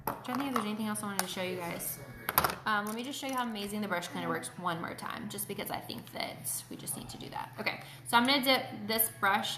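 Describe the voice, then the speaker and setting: A woman's voice: medium pitch, noisy background. A chatty woman walks viewers through a casual live makeup tutorial. Her voice sits in a middle range, and the room behind her gives it a noticeable echo. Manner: chatty, greets viewers by name. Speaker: beauty host. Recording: roomy echo.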